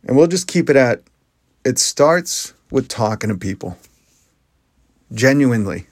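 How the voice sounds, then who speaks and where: A man's voice: medium pitch, animated, unhurried, dry recording. A man hosting a podcast, talking in an earnest, conversational monologue that often restarts its sentences. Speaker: podcast host. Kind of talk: casual monologue.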